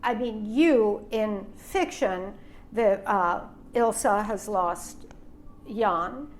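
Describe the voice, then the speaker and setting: A woman hosting an onstage interview with authors, asking measured, reflective questions. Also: medium pitch, slight background noise. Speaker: host, interviewer. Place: small event room.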